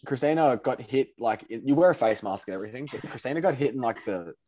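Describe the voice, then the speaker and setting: A young man in casual chat, telling stories with lively energy. He acts out the people in his stories, jumping up in pitch for their lines. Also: fast. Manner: animated storyteller, acts out quotes with big pitch jumps. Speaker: podcast co-host telling a story.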